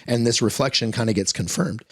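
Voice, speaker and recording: Gravelly, profane man telling animated stories. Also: mid-range voice, a little fast, dry recording, clean studio sound. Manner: profane, animated storyteller acting out voices. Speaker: guest dog trainer. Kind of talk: casual storytelling interview.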